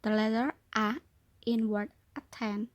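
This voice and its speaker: A young woman from Indonesia, a student presenting a lesson and reading definitions aloud, carefully slowing to repeat key points. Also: a little high, flat delivery, no echo. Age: young adult. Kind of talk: read-aloud explanatory lesson.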